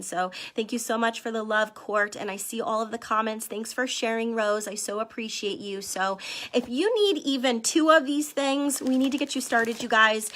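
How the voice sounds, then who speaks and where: A woman vlogger giving an earnest live-stream sales pitch, talking straight to her viewers and reading out their comments. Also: fairly bright tone. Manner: earnest, addresses viewers as "you guys", reads out comments. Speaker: wellness vlogger selling supplements.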